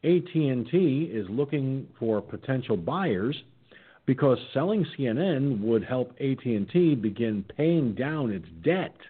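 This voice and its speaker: Husky man on a tinny phone line. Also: medium pitch, lively intonation, unhurried. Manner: sarcastic, swears, keeps yawning and stumbling. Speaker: internet radio show host. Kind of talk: casual reading and commenting on news.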